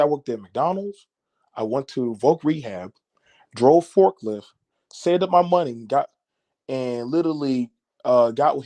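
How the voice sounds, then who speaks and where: A man hosting a podcast, ranting loudly in a profane, mocking monologue with an American accent. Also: on the high side. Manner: loud, animated, cursing, mocking. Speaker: podcast host.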